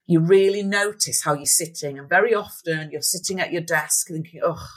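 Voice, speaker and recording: A woman's voice: fairly low pitch, normal speed. A middle-aged woman speaking as a guest in an interview, reflective and encouraging, often voicing thoughts as quotes. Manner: reflective, acts out inner voices in quotes. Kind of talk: interview conversation.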